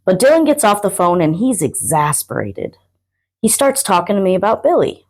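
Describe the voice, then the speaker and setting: A woman's voice: mid-range voice, big pitch swings, moderate pace, a little mellow. A young adult woman and guest poet, performing a spoken word piece with a rhythmic, rhyming delivery.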